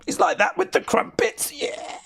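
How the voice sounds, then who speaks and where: A man hosting a live watch-along stream, chatting casually, reading out viewer comments and calling the action with sudden excitement. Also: unhurried. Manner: excitable, chatty, reads chat aloud.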